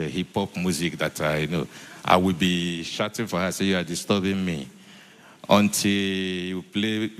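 A man giving a church testimony, halting, repeating himself and filling with many hesitations. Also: low-pitched. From Nigeria. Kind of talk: spoken testimony. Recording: echoey church hall.

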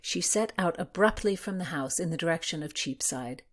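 A woman reading historical fiction aloud in a measured, expressive narration. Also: fairly low pitch.

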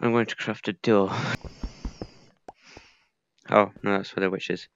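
Slow, gravelly gamer muttering. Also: male voice, fairly low pitch, steady tone, lo-fi sound, a little hiss or hum. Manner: chatty, mutters to himself, mild swearing. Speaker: gaming video creator. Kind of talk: casual let's-play commentary.

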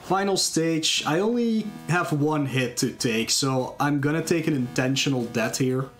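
A man's voice: on the high side, unhurried. A man casually explaining a video game as he plays it live, chatting with viewers between moves. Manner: relaxed, explains as he plays, glances at chat. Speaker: speedrunner. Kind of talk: live commentary while playing. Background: game music.

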